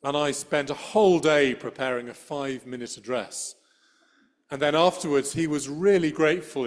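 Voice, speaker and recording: A middle-aged priest with a somewhat high voice gives a sermon into a church microphone, telling a story conversationally with dry humor.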